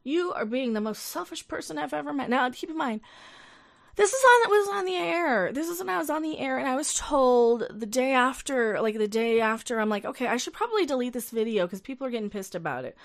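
A young woman rants through a casual livestream with an exasperated edge and a steady run of profanity. Her voice sits a little high, and she breaks off now and then to read viewer comments aloud. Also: brisk. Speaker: livestream host.

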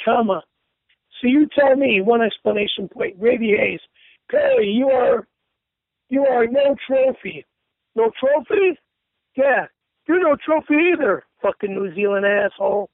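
High gravelly man, tinny phone line. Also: very animated, measured pace, no room sound. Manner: reads punctuation aloud, stumbles, swears angrily. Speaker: radio show regular reading an online thread aloud. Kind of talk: indignant on-air reading.

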